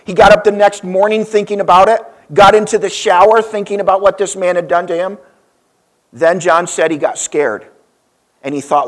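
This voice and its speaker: A man's voice: high voice, steady tone, normal speed. A man preaching a sermon, telling a story and acting out the quoted lines with big rises and drops. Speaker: pastor.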